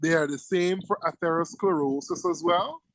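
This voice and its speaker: A man's voice: fairly high pitch, normal speed, a bit bright, no echo, low-quality recording. A middle-aged man giving an exam-prep medical lecture. He is emphatic, repeats key words and keeps checking in with "right?".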